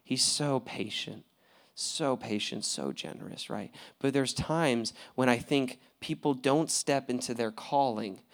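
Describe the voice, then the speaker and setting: A young adult man preaching a sermon as pastor, in a casual, slangy way, often laughing and swinging from quiet asides to loud outbursts. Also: mid-range voice, expressive, measured pace.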